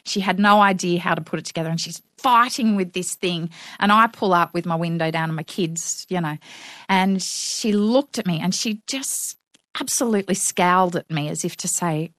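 A woman's voice: fairly low pitch, normal speed, fairly bright tone, no echo, clean studio sound. A middle-aged woman, a guest in an interview, talking frankly with wry humour and acting out what others said. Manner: frank, wry storytelling with acted-out quotes. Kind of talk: conversational interview.

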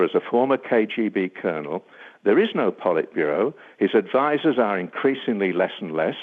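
An older man, a defence analyst, answering a radio interviewer gravely and deliberately, with many ums and uhs. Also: lowish voice. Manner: measured, grave, with frequent um and uh. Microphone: phone line. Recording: tinny phone line.

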